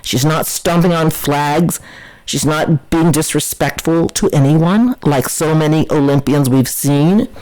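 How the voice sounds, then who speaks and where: A woman's voice: sits low, measured pace, a little mellow, low-quality recording. A woman hosting a podcast, giving chatty, opinionated political commentary in a scornful, mocking way. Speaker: podcast host.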